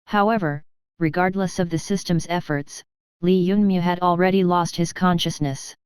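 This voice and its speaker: A woman narrating a fantasy audiobook in a steady, even reading. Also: on the low side, moderate pace, clear, resonant tone, dry recording. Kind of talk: scripted narration.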